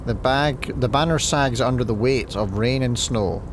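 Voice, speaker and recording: A man's voice: medium pitch, normal speed, noisy background. Scottish man commenting on a game. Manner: chatty, reads game text aloud. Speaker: let's play host. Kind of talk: casual gameplay commentary.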